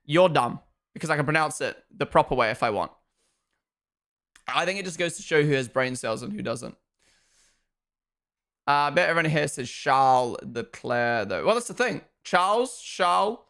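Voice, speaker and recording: A man's voice: on the high side, a little fast, pauses often. A young man hosting a live race watchalong, chatting casually, reading chat and swearing bluntly. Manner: blunt and animated, swears freely.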